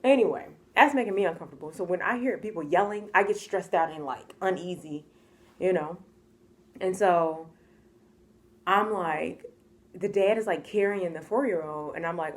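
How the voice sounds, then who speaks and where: A young American woman telling a personal story in a casual vlog, chatty and expressive, often acting out what people said and laughing. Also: lowish voice, unhurried. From United States.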